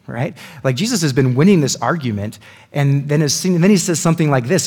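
A man's voice: on the high side, animated, fast, darkish tone, husky. A man giving a casual Bible teaching, chatty and full of asides that check in with his listeners. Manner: chatty, lots of "like" and "right?" asides.

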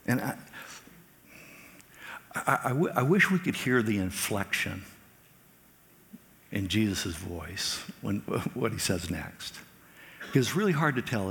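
A man preaching a sermon as pastor, animated, raising his voice when he acts out quoted lines. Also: fairly low pitch, slow pace, gravelly, long pauses, big-room sound.

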